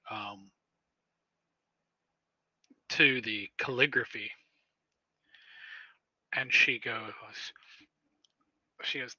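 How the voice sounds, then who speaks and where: A man narrating as storyteller in a tabletop role-playing game, halting with frequent pauses and restarts. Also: mid-range voice, pushed and bright, no room sound, highs cut off. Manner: halting, many fillers and restarts.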